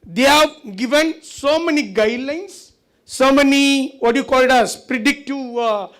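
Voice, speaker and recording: High-voiced man lecturing a conference hall. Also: a little slow, fairly bright tone. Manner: conversational, asks the audience rhetorical questions. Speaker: conference speaker.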